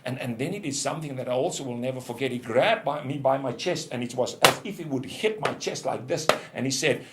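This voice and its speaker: An older man, a ministry leader, giving a testimony sermon in an intense storytelling manner, going from loud outbursts to hushed lows. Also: fairly quick, hardly any pauses, heavy background noise. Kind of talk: testimony preaching.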